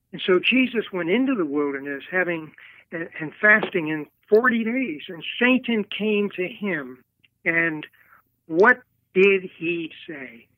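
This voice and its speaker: A man giving a slow, earnest preacherly talk, heard over a tinny phone line. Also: high voice, no echo. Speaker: guest speaker.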